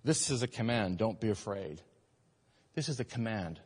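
A man preaching a sermon as pastor, emphatic, swinging between loud urgent passages and quiet earnest ones. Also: lowish voice, lively intonation, moderate pace, husky, long reverb tail. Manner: emphatic preaching, rising and falling in force.

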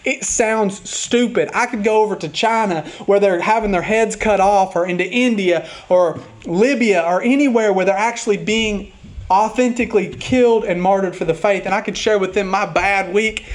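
In his role as pastor, a man preaches with earnest openness about a rough week, now and then reading hymn lines slowly and gently. His voice sits high.

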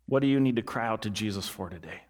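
Preaching with sincerity, this male pastor echoes his central lines and drops to a hushed, deep voice when he wants them to land. He moves at a quick pace.

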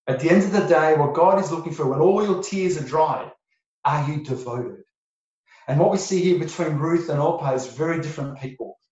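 A pastor preaching to his congregation, a man with a somewhat high voice who leans hard on repeated phrases. His words ring through a very reverberant church hall, and the sound is slightly dull and muffled. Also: fairly quick, a little mellow, distant mic. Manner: emphatic, repeats key phrases. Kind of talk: sermon.

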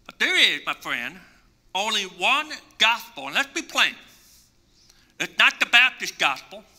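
Preacher guy, really animated delivery, super bright tone, acts out little dialogues. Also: sits high, a little slow. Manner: emphatic preaching with repeated phrases; acts out imagined dialogue for illustration. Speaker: pastor. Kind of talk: sermon.

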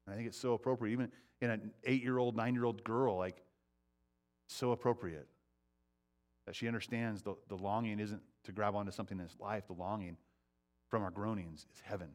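A man preaching a sermon, shifting between hushed reflection and fervent appeals, often repeating his words as he goes. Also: fairly low pitch, fairly even intonation, fairly quick. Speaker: pastor.

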